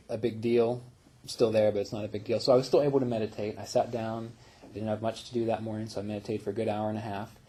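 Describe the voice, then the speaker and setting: A man who teaches meditation, telling personal stories in a relaxed, reflective way, with fillers and small laughs. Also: on the low side, husky. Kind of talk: casual spiritual talk.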